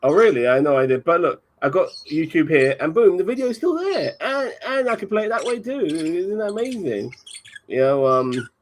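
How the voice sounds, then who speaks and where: A man's voice: fairly high pitch, expressive, moderate pace, slight background noise. Male podcast co-host: rambling, stammering, foul-mouthed casual banter. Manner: rambling, stammering, swears freely.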